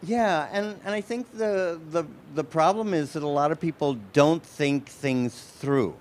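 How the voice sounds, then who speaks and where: A man's voice: a little high, measured pace, slight background noise. A man hosting a casual interview, joking around and often repeating his words as he talks. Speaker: host.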